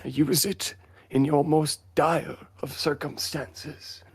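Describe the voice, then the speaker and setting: A man voicing an old grandfather who speaks slowly and solemnly. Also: on the high side, fairly even intonation, slightly rough, pitched above the performer's own voice, heavily acted. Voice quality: slow, halting.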